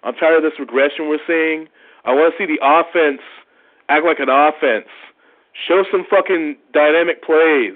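A man's voice: fairly high pitch, normal speed. A man leaving a profane, frustrated rant as a sports fan caller. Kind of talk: ranting sports fan message. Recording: tinny phone-like line.

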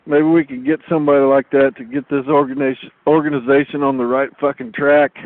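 A man's voice: mid-range voice, flat delivery, fast, no room sound. A man leaving a frustrated voicemail, cursing as he argues his point. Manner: frustrated, swearing. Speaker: caller. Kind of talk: voicemail to a podcast. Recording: tinny dry phone line.

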